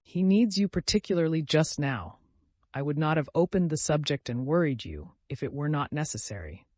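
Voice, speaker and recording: A man's voice: a little high, expressive, normal speed, a little mellow, dry recording. A man voicing an earnest young man in an audiobook who urges and pleads with firm emphasis. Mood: urging. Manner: emphatic, urging. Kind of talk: audiobook character reading.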